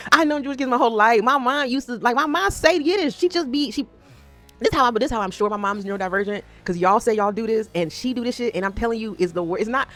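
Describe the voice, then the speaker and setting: A woman in her thirties from the Northeast United States, ranting in a casual vlog. She is animated and profane, swinging between loud outbursts and quiet asides. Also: high-pitched. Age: 30s. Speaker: vlogger. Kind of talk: casual unscripted rant.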